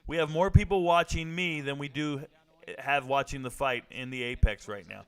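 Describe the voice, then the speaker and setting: A man's voice: mid-range voice, normal speed, a bit bright, smooth. A man hosting a casual livestream, chatting loosely, joking and answering viewers' comments. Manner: laid-back, joking, reads and answers chat. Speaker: livestream host.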